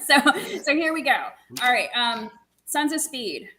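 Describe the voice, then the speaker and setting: A woman guest telling a racing story in an animated, laughing, quick way. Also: sits high, a little hiss or hum, low-quality recording. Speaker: guest, motorcycle racer. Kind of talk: casual storytelling chat.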